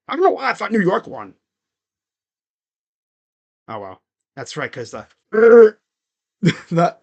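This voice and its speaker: Young man, high voice, very animated, casual live game commentary, slangy rambling asides. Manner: rambling, slangy, chatty asides between play calls. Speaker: live play-by-play streamer.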